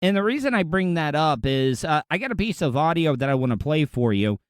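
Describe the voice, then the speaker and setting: Smooth-voiced man talking bluntly. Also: on the high side, sing-song, a little fast, dry recording. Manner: blunt, profane, candid storytelling. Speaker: podcast host. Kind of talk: casual monologue.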